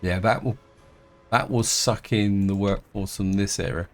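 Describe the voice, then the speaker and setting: A man of middle age narrates his city-building game in a relaxed, unhurried way. His voice sits on the low side, and he pauses often, restarting sentences and weighing his options aloud as he goes. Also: faint music behind. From England. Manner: thinking aloud, hesitant, many restarts. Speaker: game let's-player. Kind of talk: casual gameplay commentary.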